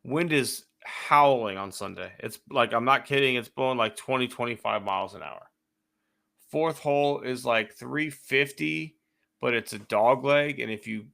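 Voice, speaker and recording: A man co-hosting a casual sports podcast, telling a long story in a profane, animated rant. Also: medium pitch, creaky.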